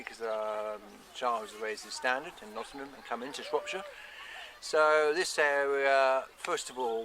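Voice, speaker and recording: A man's voice: medium pitch, noisy background. An Englishman hosting a casual history vlog outdoors at castle ruins, talking with lots of fillers. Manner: chatty, hesitant with fillers. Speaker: history vlogger.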